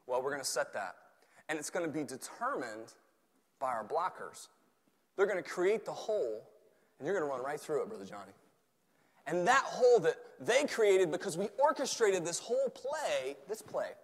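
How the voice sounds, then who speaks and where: A slightly high-voiced man from Tennessee with a Southern accent preaches an animated, joking sermon in a church, sometimes swelling almost to shouts. The recording carries a long hall reverb.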